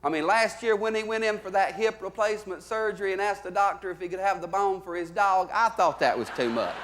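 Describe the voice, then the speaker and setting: A male comic with a Southern US drawl and a high-pitched voice, telling homespun stories live from a theater stage. He leans into his punchlines loudly, then drops to low, quiet asides. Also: brisk. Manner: folksy drawling storyteller, swings between loud and low. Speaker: stand-up comedian. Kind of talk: live stand-up storytelling.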